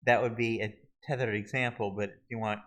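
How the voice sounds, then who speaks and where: A man walking viewers through a website search tool in a halting, casual screen-recorded tutorial, often restarting his sentences. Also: lowish voice, flat delivery, fairly bright tone, poor audio. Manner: halting, many restarts and fillers. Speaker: video tutorial host.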